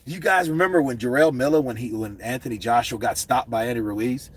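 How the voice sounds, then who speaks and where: A man ranting about boxing as a commentator, animated and profane. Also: mid-range voice, fast talker, breathy edge, no echo. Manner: animated, profane, slips into impressions. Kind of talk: casual profane rant.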